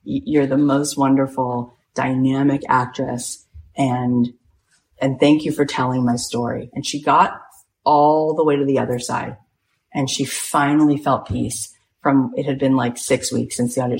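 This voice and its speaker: A woman telling a story in an animated way, acting out the voices of the people in it and building to excited emphasis. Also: low voice, moderate pace, vocal fry, slight background noise. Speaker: speaker retelling a story.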